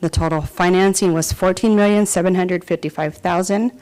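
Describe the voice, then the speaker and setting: Clear-voiced woman presenting to council. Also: on the low side, fairly even intonation, a little fast, a little mellow, rough recording. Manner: reads figures and lists steadily, with occasional fillers. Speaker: city department director. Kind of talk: presenting a report at a council meeting. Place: council chamber.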